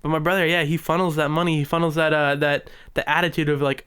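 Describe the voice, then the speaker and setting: A man's voice: fairly high pitch, flat delivery, quick pace, a bit bright, smooth. A young man co-hosting a podcast, telling long rambling stories full of fillers and acted-out quotes. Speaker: podcast co-host. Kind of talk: casual chat.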